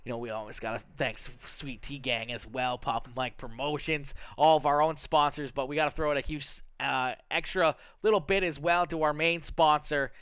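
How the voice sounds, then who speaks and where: A man's voice: fairly high pitch, steady tone, moderate pace, few pauses, fairly bright tone, clear, resonant tone, dry recording. A young Canadian man hosting a sim racing broadcast, upbeat and chatty with lots of fillers. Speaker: race broadcaster. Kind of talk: sim racing commentary and interviews.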